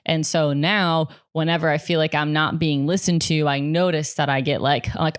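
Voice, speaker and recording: Young woman vlogger, low smooth voice, dry close sound, candid and profane. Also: fairly even intonation, moderate pace, no room sound. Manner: frank and profane, heavy use of "like". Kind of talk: candid personal monologue.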